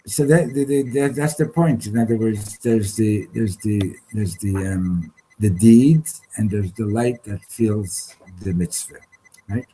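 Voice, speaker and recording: A man leading an informal Torah class, halting and restarting often, slipping Hebrew terms into his English. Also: medium pitch, dark tone, husky, poor audio. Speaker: Torah teacher. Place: study hall classroom.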